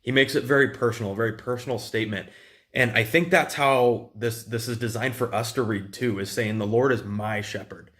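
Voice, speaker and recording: A man's voice: medium pitch, brisk, fairly bright tone. A man giving a casual, conversational sermon with many fillers and restarts. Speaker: preacher.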